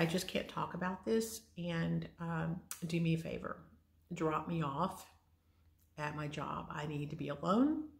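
Middle-aged woman telling her story, low gravelly voice, wry and candid, echoey room. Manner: candid, wry, with sighs and laughs. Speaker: storyteller recounting her own experience. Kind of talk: casual personal storytelling.

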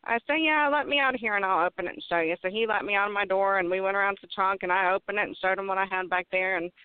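Lady guest, laughs a lot and cusses, smooth voice, tinny phone sound. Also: medium pitch, racing, no echo. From West Virginia. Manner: laughs often, swears casually. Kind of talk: casual storytelling. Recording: phone-like line.

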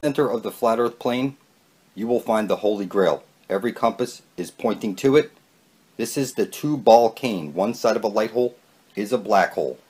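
A man speaking calm declarations about the center of the world and an exit. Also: lowish voice, normal speed. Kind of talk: repeating a spoken vow, then preaching.

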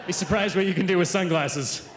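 High-voiced man doing stand-up. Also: a little fast, a crowd in the background. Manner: conversational, self-interrupting, jokey. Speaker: stand-up comedian. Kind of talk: stand-up comedy set. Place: theater stage before a live audience. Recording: reverberant hall with audience laughter.

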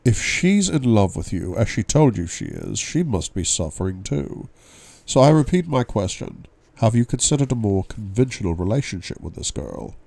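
A man reading as a calm, probing male therapist. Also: lowish voice, vocal fry, dry recording, voice pushed up, heavily acted. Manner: measured, probing questions. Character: calm probing male psychiatrist, middle-aged. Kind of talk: audiobook reading.

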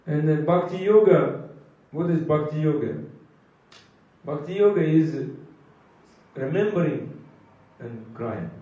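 Preacher in an echoey hall. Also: male voice, fairly high pitch, dark tone. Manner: slow emphatic preaching, drawn-out chanted phrases, mixes in Hindi. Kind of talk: sermon. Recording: echoey hall from far off, dull lo-fi sound.

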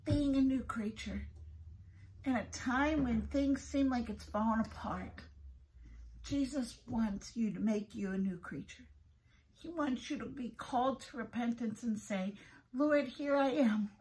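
Middle-aged woman, high voice, earnest heartfelt devotional host. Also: a little slow, a little mellow, a little hiss or hum, poor audio. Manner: earnest, heartfelt, repeats herself. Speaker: prayer podcast host. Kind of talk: devotional talk.

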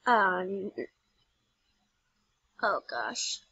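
A woman hosting her own gaming channel, giving casual commentary as she plays and bursting into excited shrieks. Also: mid-range voice, very slow, breathy edge, dry recording, lo-fi sound.

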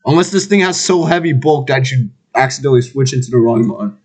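A man's voice: mid-range voice, fairly quick, darkish tone, husky. A man chatting casually over voice chat while gaming, teasing and trash-talking his friends. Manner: teasing, playful trash talk. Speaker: online game player.

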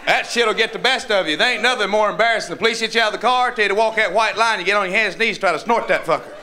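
Man, North Carolina Southern accent, high-pitched, crude stand-up, drawling, live club noise. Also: very fast, pushed and bright. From North Carolina, USA. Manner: rough, profane, drawling punchline delivery. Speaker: stand-up comedian. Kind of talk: crude stand-up comedy set. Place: comedy club stage.

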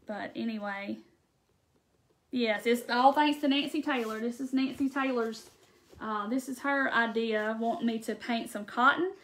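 Brief: Southern woman craft-stream host, Mississippi drawl, a touch high, folksy and chatty. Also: unhurried, a bit bright. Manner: chatty, folksy, laughs often. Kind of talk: casual live chat with viewers. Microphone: phone or webcam on a live stream.

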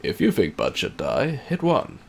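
A man giving rambling, self-mocking let's play commentary that breaks into loud, excited yells and swearing. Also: mid-range voice, unhurried, vocal fry. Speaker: gaming channel host.

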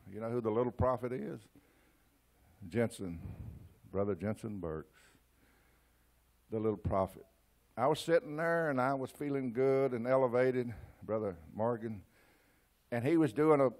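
Folksy older East Texas preacher. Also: male voice, medium pitch, darkish tone. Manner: folksy storytelling with stammered restarts. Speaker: church speaker. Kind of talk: folksy sermon.

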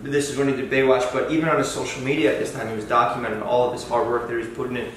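A man's voice: mid-range voice, level tone, very fast. A man in his late twenties with a mid-range voice, chatting as a guest in a brash, joking way and laughing a lot. The mic sits far off in a very echoey room, with faint noise underneath. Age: 20s. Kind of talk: casual podcast chat.

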